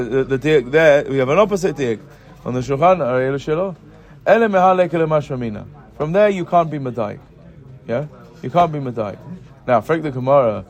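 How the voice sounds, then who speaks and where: Leading a Gemara class that blends Hebrew terms into English, a male Talmud teacher speaks in a steady mid-range voice. He poses questions to his students, checks in constantly with "right?" and "yeah?", explains everything methodically, and reads the text haltingly, restarting as he goes.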